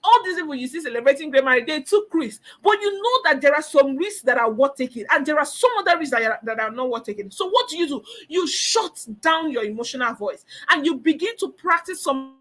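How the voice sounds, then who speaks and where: A woman's voice: high voice, lively intonation, brisk, few pauses, a bit bright. A woman giving a motivational counseling talk, emphatic, repeating phrases and acting out the voices she describes. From Nigeria.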